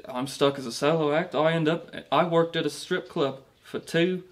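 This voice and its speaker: A man's voice: on the high side, moderate pace, close to an everyday voice. A man playing a vain, self-pitying, washed-up male rock singer with a British accent, rambling through a mockumentary interview with many restarts. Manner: rambling, boastful, stumbling restarts.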